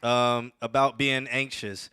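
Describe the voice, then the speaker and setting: A man's voice: mid-range voice, level tone, slow pace, bright, forceful tone, clean tone, no echo. A man hosting a music review livestream, joking around and stumbling over foreign song titles, recorded on a close desk mic. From Dominican family. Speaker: music review show host. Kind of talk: casual livestream chat.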